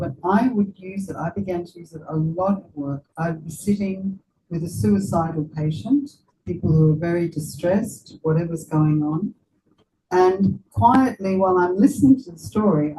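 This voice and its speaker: An older woman with an English accent, a retired psychiatrist giving a gentle, conversational lecture and asking the audience questions. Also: fairly low pitch, noisy background. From England.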